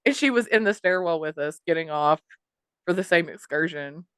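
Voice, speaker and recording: A woman's voice: fairly low pitch, animated, moderate pace, smooth, no room sound, studio quality. A woman co-hosting a podcast, telling a story in casual chat, swearing and mimicking the people she quotes. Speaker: podcast co-host.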